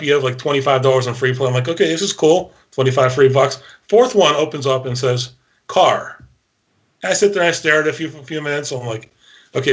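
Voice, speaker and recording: A man co-hosting a horse racing show, telling a story in a brisk, matter-of-fact casual way. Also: a little high. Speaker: co-host, horse racing handicapper. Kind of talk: casual chat.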